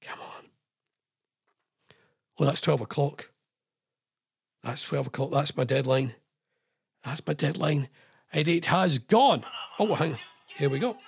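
Rambling Scottish radio host, husky voice. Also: male voice, on the high side, a little slow, long pauses, no room sound. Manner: rambling, chatty, self-mocking, coaxing. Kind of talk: casual radio chat.

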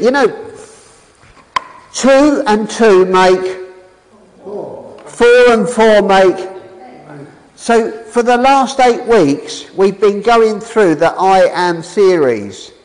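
A high-pitched man preaches an animated, enthusiastic sermon, questioning the congregation and reading scripture aloud with pauses. The recording is low quality, with a long reverb tail.

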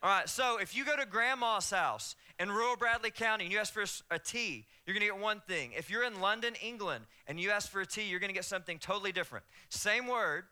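A man's voice: high-pitched, fast, hardly any pauses, pushed and bright, clean tone. A man with a Southern US accent preaching a sermon to his congregation in a conversational, joking way. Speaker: pastor. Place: church sanctuary.

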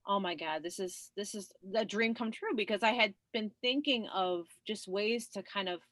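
Bright-voiced woman telling her story. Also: mid-range voice, moderate pace, dry recording. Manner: chatty, laughs often, many fillers. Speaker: guest. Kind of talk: conversational storytelling.

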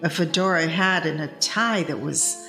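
A woman's voice: sits low, moderate pace, roomy sound, music in the background. A woman narrating a scripted audio story in a dry, wry, matter-of-fact way.

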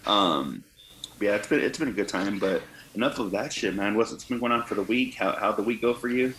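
This podcast co-host speaks in a lowish, slightly bright voice, brisk and expressive. He rambles and swears through a casual chat with plenty of fillers and restarts, and the recording has roomy echo with faint noise.

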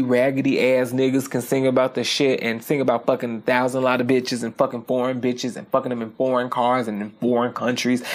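A podcast host talking casually on their own, animated and profane, often checking in with "okay?". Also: mid-range voice. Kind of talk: casual solo podcast monologue.

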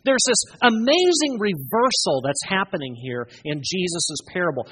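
A preacher giving a sermon, retelling a parable with emphatic, expressive storytelling and dramatic pauses. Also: medium pitch, breathy edge.

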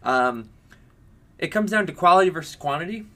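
A young man with a bright, forceful voice, chatting loosely as a podcast co-host. He jokes a lot and rambles through his points, sitting a little above the usual male pitch. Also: expressive. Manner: joking, rambling, quick to laugh. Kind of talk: casual chat.

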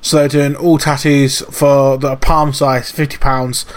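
A man's voice: medium pitch, little pitch movement, measured pace. A man co-hosting a podcast, chatting casually, swearing often and laughing through his stories. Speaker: podcast co-host. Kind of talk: casual chat.

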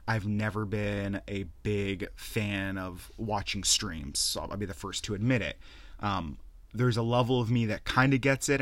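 Podcast host, young adult man, low voice, profane animated rant, dry close mic. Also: dry recording. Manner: profane, ranting, animated storytelling. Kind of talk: casual solo rant.

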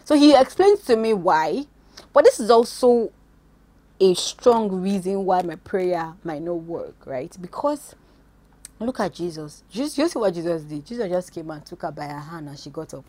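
A woman preaching an informal devotional talk, animated and swinging between loud exclamations and quiet asides, recorded on a phone. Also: fairly low pitch, moderate pace.

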